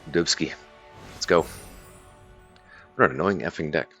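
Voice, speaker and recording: A man's voice: a bass voice, measured pace, fairly bright tone, faint music behind. A man chatting casually on a live stream as he plays a card game, loose and profane, thinking aloud.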